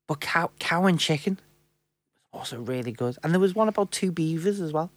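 A young man co-hosting a casual podcast chat, talkative and quick to laugh, often repeating words as he starts a thought. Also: fairly high pitch, lively intonation, no echo. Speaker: podcast co-host.

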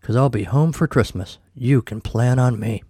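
A man's voice: mid-range voice, animated, moderate pace, dark tone, dry recording, studio quality, lightly acted. Man doing a weary, sardonic dying man. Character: dying, grumbling middle-aged man, dry and bitter.

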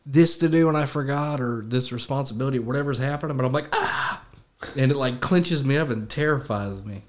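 Jokey, animated male podcast guest. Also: medium pitch, quick pace. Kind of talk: casual chat.

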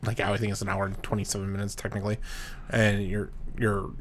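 A man co-hosting a movie podcast, talking in a halting way with many fillers. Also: lowish voice, completely flat delivery. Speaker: podcast co-host. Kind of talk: casual movie review chat.

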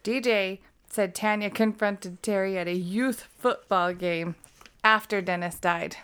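A young adult woman from Utah chats through a true crime podcast, blunt and quick to swear. Her voice is smooth and clean at an ordinary pitch, and she laughs often. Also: fairly even intonation, fairly bright tone. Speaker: podcast co-host.

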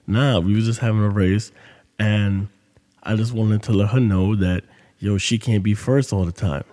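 Low dark-voiced dude, casual cursing storytime, reverb-y room. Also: male voice, fairly even intonation, normal speed. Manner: loose, profane, street-casual talk. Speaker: podcast host.

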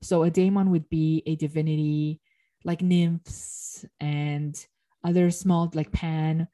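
A woman giving an explanatory lecture, retelling a myth and pausing to correct herself mid-phrase. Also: sits low, level tone, dark tone.

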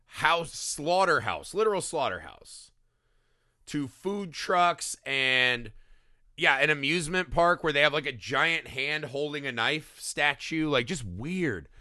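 A man co-hosts a movie podcast in a loose, rambling way, swearing often. His voice sits a little high and sounds bright and forceful. It is recorded close and dry. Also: animated, takes it slowly, no room sound. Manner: rambling, profane, acts out silly voices in his stories. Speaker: podcast co-host. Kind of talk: casual movie-review chat.

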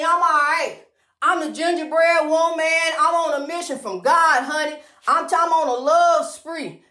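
A woman's voice: extremely high pitch, bright, forceful tone, roomy sound. A woman giving a preachy, sing-song motivational monologue, calling the listener honey and repeating rhyming phrases.

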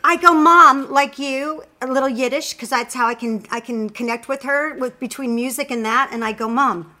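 A woman's voice: high-pitched, brisk. A woman guest in casual chat, telling a personal story and acting out what others said. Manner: animated storyteller, acts out quotes.

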